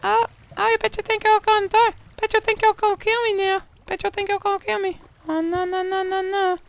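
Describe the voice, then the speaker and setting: A man putting on a shrill, squeaky voice to gloat in sing-song taunts at a monster in a video game. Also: level tone, fairly quick, vocal fry, fairly bright tone, exaggerated voice.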